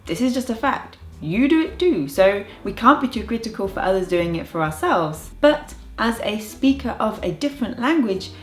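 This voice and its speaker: A young woman with an English accent, a language coach talking playfully to camera in a casual vlog with dry jokes. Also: a little high. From United Kingdom. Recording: echoey room with faint music.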